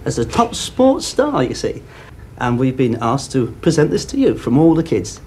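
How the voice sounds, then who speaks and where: A woman's voice: very deep voice, very animated, normal speed, a little mellow. A woman presenting a charity award politely and formally, in a hissy old recording.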